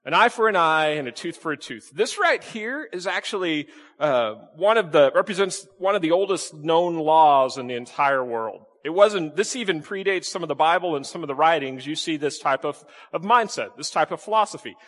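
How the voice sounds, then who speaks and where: A man delivers a sermon in a large church, his pitch rising and falling with animation. He keeps checking in with the congregation through quick questions and jokes. His voice rings with the long reverb of the hall. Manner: lively, questioning the congregation, playful asides. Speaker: pastor.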